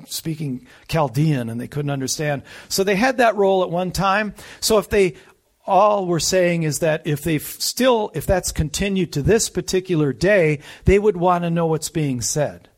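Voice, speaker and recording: A man preaching a conversational sermon, teaching a Bible passage with emphasis and rhetorical asides to the listeners. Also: fairly high pitch.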